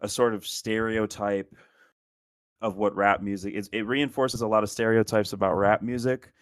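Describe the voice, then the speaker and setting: A man's voice: fairly low pitch, flat delivery, moderate pace, no echo, clean studio sound. A man co-hosting a casual podcast chat, rambling with lots of "like" fillers and frequent laughs. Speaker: podcast co-host.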